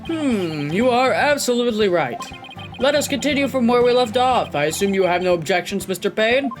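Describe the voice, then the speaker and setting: A woman voicing a deliberate, older male judge from a video game, speaking in a measured, formal way. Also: on the high side, expressive, over music, natural voice.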